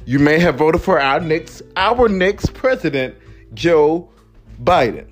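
Speaking slowly in a slightly high, very animated voice, a US podcast host delivers an emphatic, repetitive motivational monologue. Faint background music plays beneath him.

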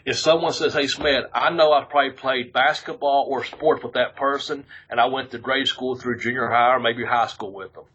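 A man's voice: medium pitch, fairly even intonation, moderate pace, hardly any pauses, fairly bright tone, dull audio, a little hiss or hum. A man co-hosting a podcast in casual chat, rambling and profane, laughing often. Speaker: podcast co-host.

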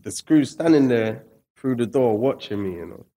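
A man from England, a guest speaking casually and reflectively about his past, slangy and lively when retelling stories. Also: medium pitch, normal speed. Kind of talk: casual storytelling interview.

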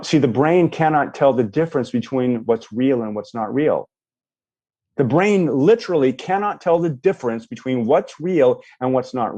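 A man coaching a guest, leading a visualization and acting out people's reactions as he explains. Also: mid-range voice. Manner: animated, acts out quoted reactions. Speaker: life coach. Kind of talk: guided visualization and coaching talk.

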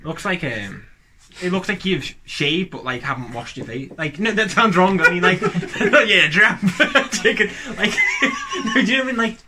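A young man co-hosting a casual podcast, giggling and swearing through quick banter, in a noisy home recording. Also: sits high, expressive. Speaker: podcast co-host. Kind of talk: casual joking chat.

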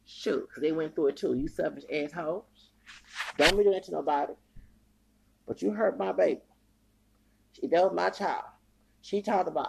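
A man's voice: on the high side, normal speed, creaky, long pauses, a little mellow, husky. A man hosting a podcast, delivering a heated, profane rant full of repeated phrases. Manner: heated, profane ranting with repetition. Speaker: podcast host.

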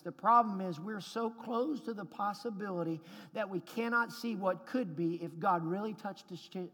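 A man preaching with a very high voice, pressing his points hard and climbing to shouts. His words ring out in a large hall with a long, trailing reverb. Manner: emphatic preaching, rising to shouts at climaxes. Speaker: pastor. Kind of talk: sermon.

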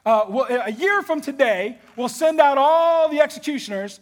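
A man voicing an excitable male royal adviser pitching a plan to the king, stammering and hurried. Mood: eager.

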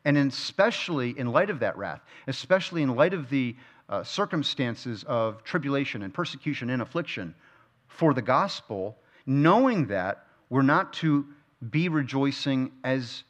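A man's voice: mid-range voice, very animated, normal speed, a bit bright. A man teaching a verse-by-verse Bible study. He keeps asking his listeners questions and repeats key phrases for emphasis. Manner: asks the listeners frequent rhetorical questions.

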